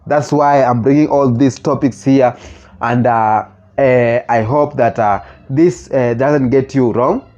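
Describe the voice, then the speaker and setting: A man with a Kenyan accent hosting his own channel, talking earnestly in halting phrases and often restarting mid-sentence as he reacts to comments. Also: medium pitch, a little mellow. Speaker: channel host. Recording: slightly muffled lo-fi recording.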